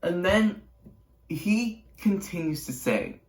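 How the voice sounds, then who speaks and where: A man's voice: sits high, animated, slow, soft background music. A teenage boy YouTuber telling a casual storytime vlog with chatty, sarcastic asides and rambling restarts. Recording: roomy echo.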